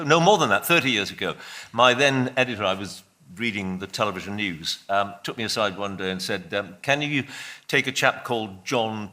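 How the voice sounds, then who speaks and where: A man's voice: on the low side, sharp tone. An older man from Wales, a veteran broadcaster, telling a rambling anecdote in a debate with frequent restarts. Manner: rambling storyteller with restarts and self-corrections.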